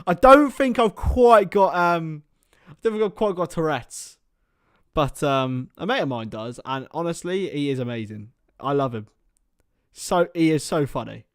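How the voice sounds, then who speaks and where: A man's voice: medium pitch, no room sound, studio quality. A young man hosting a live stream, casually commenting on a football match and chatting with viewers by name, laughing often.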